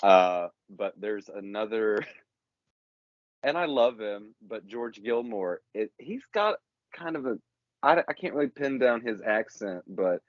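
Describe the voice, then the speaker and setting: A man with a lowish voice talks in a loose, rambling way, joking fondly about a film. The recording sounds dull and lo-fi, with a dry and close sound. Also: expressive, measured pace, no room sound. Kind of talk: casual chat.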